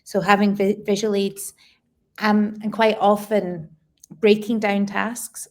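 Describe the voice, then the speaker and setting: A woman educator answers interview questions in a plain conversational way, with a voice of ordinary middle pitch. She lays out practical tips step by step and doubles key words for emphasis. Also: flat delivery, takes it slowly. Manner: explanatory, repeats words for emphasis. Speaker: guest educator.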